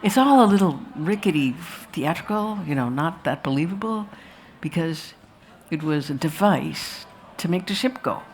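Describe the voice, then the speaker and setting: Speaking at a normal speed with few pauses, this woman has a low voice and lively intonation. A filmmaker at a festival, she talks live to the audience after her film's screening, wandering through anecdotes, asides and restarts, while a faint hiss or hum runs underneath.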